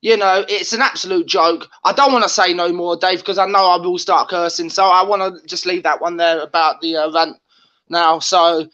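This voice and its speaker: A man's voice: high voice, fairly even intonation, moderate pace, sharp tone, highs cut off. A man calling into a fan show, ranting casually with lots of stumbles and restarts, over call audio. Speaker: caller.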